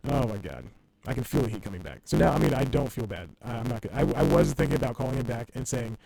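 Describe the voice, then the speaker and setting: A young man with a gravelly, dark voice rambles through a casual solo podcast, laughing often mid-sentence and mocking himself as he goes. The audio is distorted, with a faint hiss of noise behind him. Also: mid-range voice, fast talker. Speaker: podcast host.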